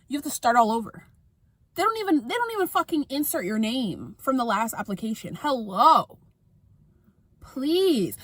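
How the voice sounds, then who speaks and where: Animated young woman ranting, dry close sound. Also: a little high, no room sound. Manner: animated, exasperated ranting with quick asides. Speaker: vlogger. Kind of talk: casual ranting monologue to camera.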